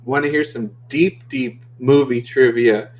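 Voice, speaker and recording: A man joins a casual watch-party chat with a joking, playful manner. He spins trivia into jokes. His voice sits at an average pitch. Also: fairly even intonation, unhurried.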